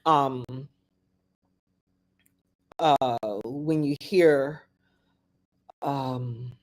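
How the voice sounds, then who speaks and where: Middle-aged woman podcaster telling her own story, halting, lots of restarts and ums, quotes what people said. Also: very deep voice, fairly even intonation, a little mellow. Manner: halting, with many restarts and fillers; acts out other people's words in quoted asides. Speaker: podcast host. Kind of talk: personal storytelling monologue.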